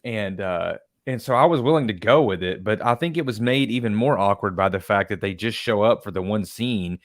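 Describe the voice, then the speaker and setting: Laid-back low-voiced man, dry close sound. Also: fairly quick, dry recording. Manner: rambling, profane, trails off quietly. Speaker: podcast co-host. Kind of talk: casual film discussion.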